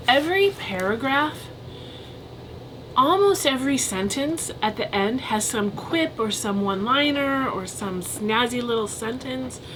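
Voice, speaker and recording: A woman's voice: a little high, animated, unhurried, noisy background. Candid, chatty woman reviewing books. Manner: candid, chatty, thinks aloud with frank opinions. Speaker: book vlogger. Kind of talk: casual book review vlog.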